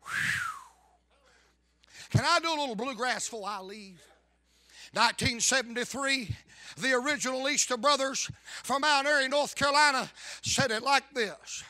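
A man preaching a fervent revival sermon, bursting into loud shouts. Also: extremely high pitch, big pitch swings, normal speed, pauses often, dry recording.

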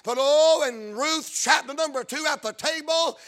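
A man with a South Carolina accent preaching a revival sermon, chanting, shouting and whooping, repeating his lines in rhythm. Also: extremely high pitch, normal speed.

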